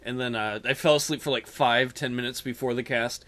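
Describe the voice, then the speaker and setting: A man's voice: medium pitch, steady tone, brisk, fairly bright tone. A man co-hosting a casual podcast chat, tired and joking. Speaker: podcast co-host.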